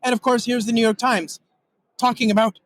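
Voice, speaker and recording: Brief: high, rapid male tech guest, excitable and rambling. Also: dry recording, poor audio. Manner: fast, excitable, rambling with many fillers. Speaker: guest developer demonstrating software. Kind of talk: casual technical chat with live demo. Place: recorded in Europe.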